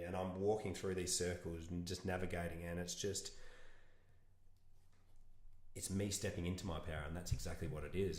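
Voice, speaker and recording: Deep-voiced earnest man. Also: a little mellow, reverberant. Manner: earnest, reflective, rambling with restarts. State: emotional. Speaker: podcast guest. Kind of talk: casual conversational interview.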